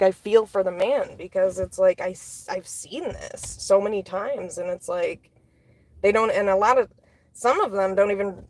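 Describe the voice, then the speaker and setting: A woman's voice: medium pitch, darkish tone. A woman delivering an angry, profane rant as a solo commentator, blunt and heated. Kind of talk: angry ranting monologue.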